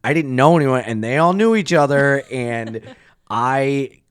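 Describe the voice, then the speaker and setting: A comedian guest telling stories on a podcast in casual chat, jumping into high voices when he quotes people. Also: unhurried, smooth, no echo, clean studio sound. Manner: animated storyteller who acts out quotes in shrill voices.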